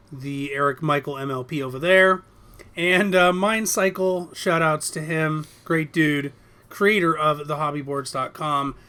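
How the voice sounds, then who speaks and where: A man's voice: on the high side, sharp tone, clean tone. A man co-hosting a casual hobby podcast, chatting with friends, laughing often and restarting his sentences. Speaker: podcast co-host. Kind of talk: casual chat.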